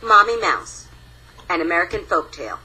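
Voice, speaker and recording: Woman, young adult, storyteller, children's folktale, animated, dramatic pauses, very bright, breathy. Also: fairly low pitch, poor audio.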